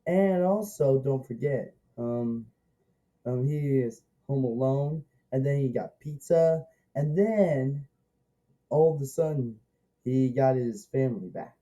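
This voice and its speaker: A man's voice: mid-range voice, lively intonation, takes it slowly, dark tone, poor audio. A man giving a casual, rambling movie review, eager and repetitive, restarting his sentences often.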